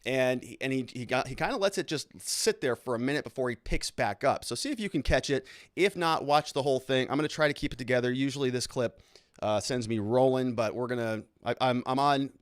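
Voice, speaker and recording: A man who is a lawyer hosting his own show, giving casual legal commentary with animated, self-interrupting talk. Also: medium pitch, fast, no room sound, studio quality.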